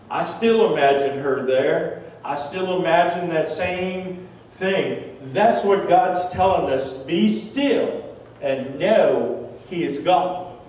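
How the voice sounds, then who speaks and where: Preaching in a large church sanctuary, an older man shares a personal story with slow, heartfelt emotion, letting his phrases fade softly at their ends. His pitch is a little high and there's slight background noise. A distant microphone picks him up in the very echoey hall.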